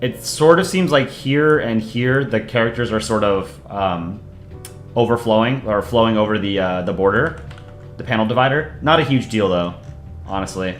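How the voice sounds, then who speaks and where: A man doing casual live-stream commentary as he reviews comics, relaxed and self-deprecating, often pausing with ums. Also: fairly low pitch, reverberant, soft background music.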